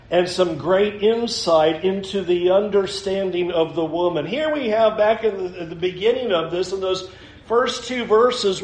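A male pastor preaching a sermon in a conversational way, talking straight to the congregation with casual fillers. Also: high voice. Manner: conversational, addresses the congregation directly; uses many fillers and hedging phrases. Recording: echoey room.

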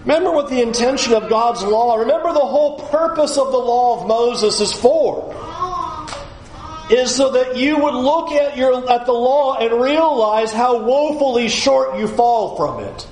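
A male pastor preaching a sermon in a lively, animated way, often slipping into acted quotes. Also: very high-pitched, measured pace, echoey room, slight background noise.

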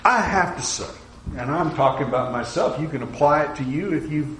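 A man preaching a sermon in an animated way, acting out quoted voices and sometimes dropping to a hush. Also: on the high side, brisk, roomy sound, a little hiss or hum, poor audio.

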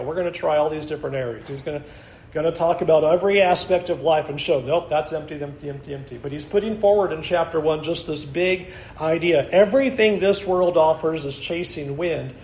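A man preaching a sermon, earnest, slowing down to stress key lines and dropping to a soft voice at the most important ones. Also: on the high side, roomy sound, slight background noise, poor audio. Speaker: pastor.

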